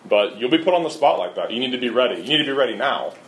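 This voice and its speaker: A middle-aged man preaching a sermon with earnest, emphatic delivery and lively storytelling. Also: medium pitch, rapid-fire. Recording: roomy echo.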